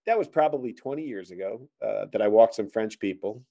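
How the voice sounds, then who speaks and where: A man's voice: fairly low pitch, lively intonation, fairly quick, vocal fry, mellow. A middle-aged man hosting a podcast and telling stand-up stories in a rambling, joking way. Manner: rambling, joking, many fillers. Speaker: podcast host and stand-up comic. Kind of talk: casual chat and storytelling.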